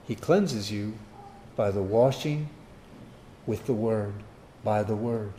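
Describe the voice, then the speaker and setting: A man preaching a sermon, firing rhetorical questions and swinging from loud emphasis to quiet asides. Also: fairly low pitch, slow pace, a little hiss or hum.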